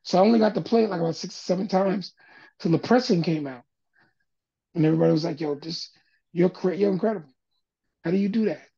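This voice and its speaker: The guest here is an older man who produces music, recounting anecdotes in an informal interview and mimicking others' voices with animation. He talks quickly in a high-pitched, gravelly, breathy voice, pausing often, on a muffled recording.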